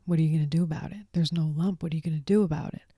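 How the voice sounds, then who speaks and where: A fierce, no-nonsense young girl speaks firmly and bluntly, voiced by a woman. Her tone is dark and gravelly, with a dry close sound. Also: deep voice, steady tone, very fast, no echo. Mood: challenging. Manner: firm and blunt.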